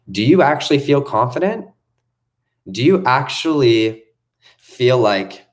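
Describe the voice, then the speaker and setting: A man's voice: mid-range voice, very animated, a little slow. A young man in the role of a self-help coach, delivering an unscripted, emphatic motivational rant that repeats itself and swears freely.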